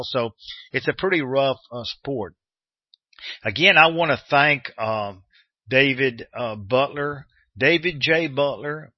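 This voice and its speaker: A man's voice: mid-range voice, dry recording, muffled recording. A man from the United States hosting a radio show, talking casually and rambling with many restarts and fillers.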